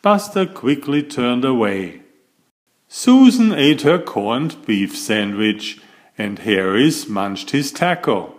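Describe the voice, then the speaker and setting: Male storybook reader, unhurried and expressive, bedtime read-aloud. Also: mid-range voice.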